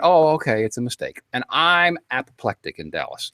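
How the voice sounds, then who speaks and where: A man telling a long story to a panel in a casual, animated way, acting out quotes and getting worked up. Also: medium pitch, brisk, no room sound.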